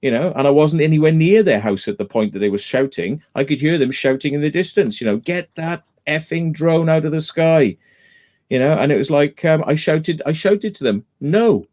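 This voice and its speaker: A man's voice: a little high, expressive, quick pace, hardly any pauses, a little mellow. A man hosting a live stream in casual chat, retelling a dispute emphatically and going back over the same points.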